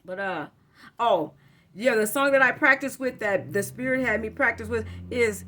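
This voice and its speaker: Bright rambling woman tarot reader. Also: fairly high pitch, normal speed, slight background noise. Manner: rambling, informal, frequent self-corrections and slang. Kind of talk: casual spiritual reading to camera.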